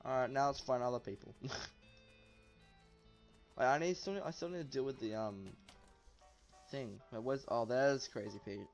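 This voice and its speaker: A man's voice: medium pitch, normal speed, long pauses. A man hosting a let's play, playfully reading game text aloud and commenting as he goes. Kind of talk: gameplay commentary. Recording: dull lo-fi audio, faint music.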